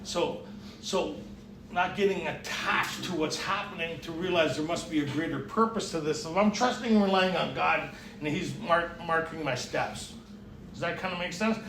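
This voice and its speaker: Guy giving a recovery talk, animated storyteller, roomy far-off sound, a bit of faint hiss. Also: on the high side, normal speed, vocal fry. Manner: storytelling, acts out dialogue, laughs often. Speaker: recovery retreat speaker. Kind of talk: personal testimony talk. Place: retreat meeting room. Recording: echoey room, mic far off.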